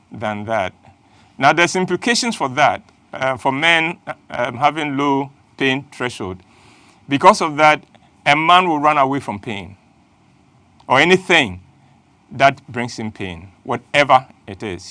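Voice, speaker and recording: A man's voice: mid-range voice, a bit bright, dry recording. A middle-aged man, hosting a playful, emphatic motivational talk. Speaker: host.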